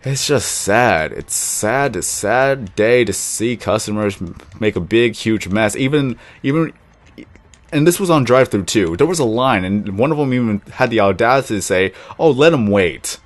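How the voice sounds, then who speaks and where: Chatty young man narrating his gameplay. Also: moderate pace. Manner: rambling, chatty, self-described monotone when calm; talks to his in-game dog in a high cooing voice. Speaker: gaming YouTuber. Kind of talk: casual gameplay commentary.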